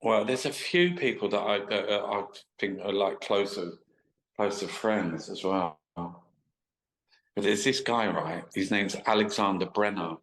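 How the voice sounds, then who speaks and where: A man's voice: lowish voice, a little slow, a bit bright, rough recording. A man, a guest telling rambling, sweary stop-start anecdotes in a casual interview. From England. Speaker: guest artist.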